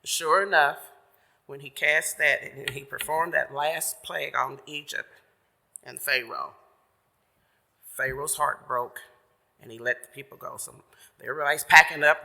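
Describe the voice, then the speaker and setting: A man's voice: on the high side, creaky, pushed and bright. A man giving a casual storytelling sermon at church, folksy and chatty, paraphrasing loosely. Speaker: church member giving the message. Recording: long reverb of a church sanctuary.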